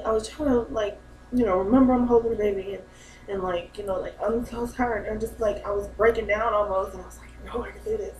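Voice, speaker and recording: A woman's voice: fairly high pitch, a little mellow, a little hiss or hum. A young mother, talking about her new baby in a heartfelt, rambling way and often laughing. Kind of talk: emotional personal vlog. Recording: echoey room, mic a bit far.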